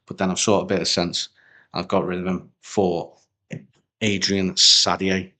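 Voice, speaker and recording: A young man talks in a low voice and a loose, rambling way. He co-hosts a casual chat, full of slang and banter. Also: level tone, a little slow, pushed and bright. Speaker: podcast co-host.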